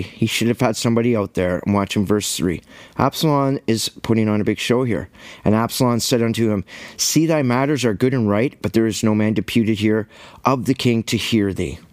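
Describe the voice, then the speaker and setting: A man giving an informal bible-study sermon in a casual, animated way, acting out quoted dialogue. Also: lowish voice, moderate pace, no echo. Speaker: bible teacher.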